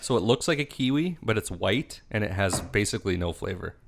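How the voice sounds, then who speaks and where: A man co-hosting a podcast, telling stories in casual chat with a dry, deadpan humor. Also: lowish voice, a little fast, creaky, noisy background. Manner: dry storyteller, deadpan jokes. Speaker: podcast co-host.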